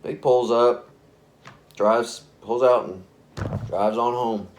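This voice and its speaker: A man's voice: medium pitch, fairly even intonation, slow, a little hiss or hum. A man telling a spooky story in a casual, rambling way, often correcting himself. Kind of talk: spoken scary story narration.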